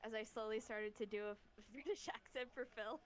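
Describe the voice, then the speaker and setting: A woman's voice: fairly high pitch, moderate pace. A woman joining a friend's livestream to read fanfic aloud. She talks in a playful, encouraging way and uses breezy greetings. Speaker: friend co-reading on a stream. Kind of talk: casual livestream chat.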